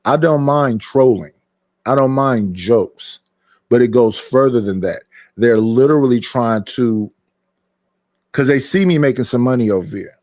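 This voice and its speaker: A man's voice: medium pitch, measured pace, a little mellow, dry recording, clean studio sound. A man, complaining emphatically about people turning against him, repeating his points in casual streamed talk. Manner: aggrieved, emphatic, repeats himself. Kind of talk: heated casual chat. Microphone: streaming mic.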